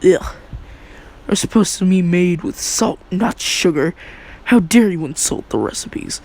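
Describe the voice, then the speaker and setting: A man's voice: sits high, expressive, unhurried, gravelly, darkish tone, exaggerated voice. A man voicing a bratty spoiled bully. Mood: disgusted. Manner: arrogant, threatening.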